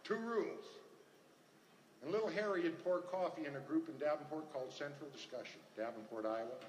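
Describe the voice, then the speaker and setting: Older guy sharing his story at a meeting, kinda high voice, roomy hall with a faint hum. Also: a little fast. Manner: earnest storytelling, repeats phrases. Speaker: recovery meeting speaker. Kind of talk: personal testimony talk. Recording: echoey hall, faint ambience.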